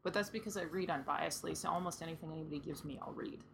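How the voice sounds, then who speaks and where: A woman's voice: low voice, racing, vocal fry, a loud crowd. A woman co-hosting a podcast in casual banter, dry, sarcastic and opinionated. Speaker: podcast co-host.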